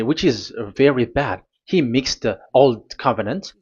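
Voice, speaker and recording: A man preaching a sermon, speaking in halting, deliberate phrases that break into sudden emphatic bursts. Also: mid-range voice, darkish tone, slightly rough, muffled recording.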